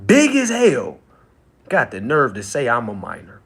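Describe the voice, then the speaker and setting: A man hosting a casual livestream monologue who talks in an animated way, laughs often and repeats himself. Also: mid-range voice, measured pace, husky. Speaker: livestream host.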